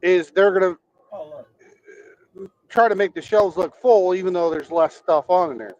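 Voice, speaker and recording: A man's voice: high voice, measured pace, darkish tone, no room sound. A man who drives for a living, explaining things in a matter-of-fact way during a casual group call. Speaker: truck driver. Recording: dull lo-fi call audio.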